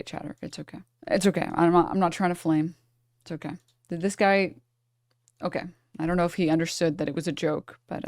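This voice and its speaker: A woman streamer gives casual reaction commentary to her chat. Her tone is sarcastic and exasperated, and she often slides into mockery. The sound is close and dry, with no room echo. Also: mid-range voice.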